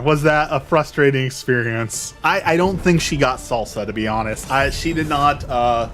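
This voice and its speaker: A man's voice: medium pitch, fairly bright tone. A man hosting a gaming video, telling a casual rambling story and repeating his words as he goes. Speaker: gaming channel host. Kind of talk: casual story time over gameplay.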